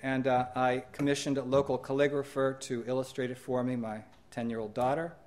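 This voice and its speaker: Unhurried man presenting slides, halting. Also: medium pitch, little pitch movement, darkish tone, slight background noise. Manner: unhurried, halting, with many ums and restarts. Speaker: holographic artist presenting his exhibition.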